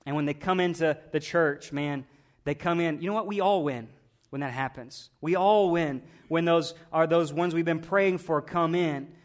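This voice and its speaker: Higher-voiced man preaching conversationally. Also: normal speed. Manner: conversational preaching, rhetorical questions, repeats words. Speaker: pastor. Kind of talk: sermon.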